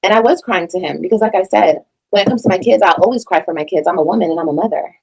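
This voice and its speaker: A woman talks quickly through heated reaction commentary, blunt and emphatic. She swears freely and presses every point hard. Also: lowish voice, vocal fry, darkish tone, husky, rough recording. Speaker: reaction streamer.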